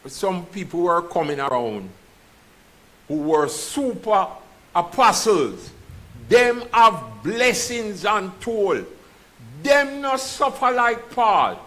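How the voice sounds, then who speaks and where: Here the Jamaican-accented preacher's mid-range voice sounds fairly bright, captured on poor audio with slight background noise. He reads scripture and delivers his sermon in a church, drifting into patois and checking with his listeners, "you understand?"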